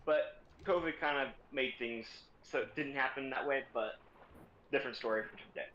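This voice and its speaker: A young man streaming, telling a story in a casual, sarcastic and profane way, speeding up in quick bursts. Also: medium pitch, a bit bright, lo-fi sound, a little hiss or hum.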